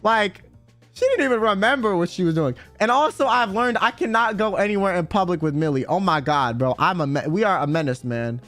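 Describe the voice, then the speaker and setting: A man's voice: sits high, animated, fairly quick, fairly bright tone, soft background music. A young man streaming, telling a story in casual chat, swearing, laughing and saying bro a lot. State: sore throat.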